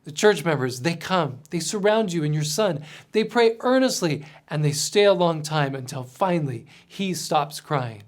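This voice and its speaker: A man narrating a scripted story in the second person, earnest and gently dramatic, often dropping to a soft voice. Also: a little high, lively intonation, normal speed. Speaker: mission storyteller.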